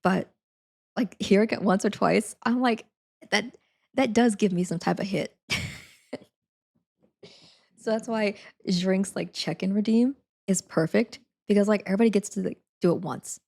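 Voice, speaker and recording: A woman's voice: mid-range voice, moderate pace, vocal fry, pauses often, darkish tone. A young woman streamer chatting casually, rambling with lots of fillers and frequent giggles. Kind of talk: casual chat.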